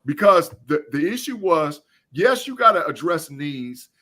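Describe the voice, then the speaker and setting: A man's voice: fairly high pitch, sing-song, measured pace, pushed and bright. A man, a guest on a remote call, talking emphatically in casual chat and chuckling as he repeats phrases.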